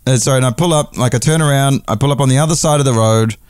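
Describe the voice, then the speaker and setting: A man's voice: mid-range voice, rapid-fire, clear, resonant tone, no room sound, studio quality. A man hosting a podcast, telling a rambling, profane comic story and correcting himself as he goes. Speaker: podcast host.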